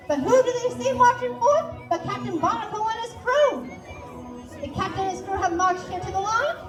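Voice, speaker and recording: A woman telling a story on stage in an animated, playful, sing-song way. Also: very high-pitched. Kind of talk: live theatrical storytelling. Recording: far-off echoey live recording with music and crowd.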